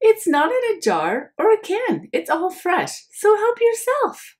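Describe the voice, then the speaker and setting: A woman doing a bright, brisk storybook mom. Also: very high voice, huge pitch swings, voice pushed up, full character voice. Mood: bright, urging. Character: cheerful, brisk young mother.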